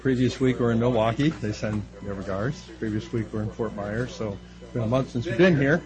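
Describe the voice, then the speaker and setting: A middle-aged man preaching a sermon, animated and playful, lifting his voice high to act out quoted speech. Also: brisk, music in the background, low-quality recording. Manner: animated, acting out quoted voices with rising pitch. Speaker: pastor.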